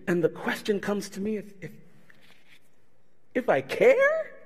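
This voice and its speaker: A man's voice: high-pitched, measured pace, breathy edge. A man pastor preaching a sermon, telling stories animatedly and acting out the people in them. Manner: animated storytelling with voiced impressions. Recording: reverberant hall.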